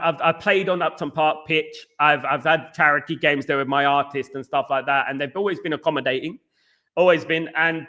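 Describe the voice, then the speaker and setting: A man's voice: fairly high pitch, sharp tone. A middle-aged man from East London with a Cockney accent, hosting a rambling live football chat and reading out viewer comments. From East London, England. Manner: rambling, repeats himself, reads out viewer comments. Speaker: podcast host. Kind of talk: casual live-stream chat.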